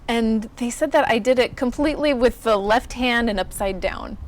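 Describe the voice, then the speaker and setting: A woman illustrator in her thirties chatting casually in an interview, telling lively stories and acting out the voices of people she quotes. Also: fairly high pitch, moderate pace. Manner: animated storyteller, acts out quoted voices.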